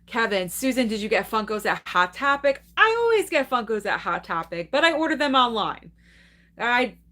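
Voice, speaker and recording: A woman's voice: medium pitch, sharp tone. Young adult woman host, casual live-stream chatter, upbeat and talkative, mid-range voice. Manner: chatty and enthusiastic, laughs often, reacts to chat. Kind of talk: casual live-stream chat reading viewer comments.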